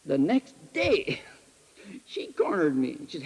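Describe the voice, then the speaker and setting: Male speaker, slightly high voice, folksy and animated storytelling sermon, old echoing hall recording. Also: unhurried, husky. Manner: animated, folksy, shifts between loud exclamations and quiet asides. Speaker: retreat speaker. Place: retreat hall. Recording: archival 1968 recording in a hall with long reverb.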